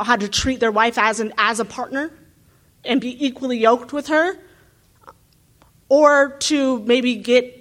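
A woman's voice: on the high side, fairly bright tone. A woman, a graduate student from the United States, talking earnestly and thinking aloud with frequent asides. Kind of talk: reflective talk.

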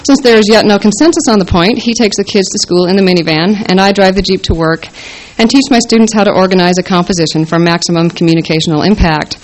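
A woman's voice: medium pitch, fast, low-quality recording. A woman reading her first-person story aloud with a wry, dry delivery.

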